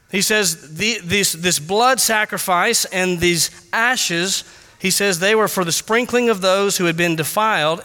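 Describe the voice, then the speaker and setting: A man's voice: high-pitched, pushed and bright, in a large hall. A man preaching an expository sermon as pastor, earnest and building to emphatic passion on key points.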